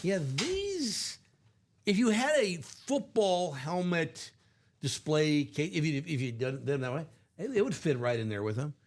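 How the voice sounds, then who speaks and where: A man's voice: on the high side, very animated, measured pace. A man hosting a live card-break stream, upbeat and chatty in a casual way.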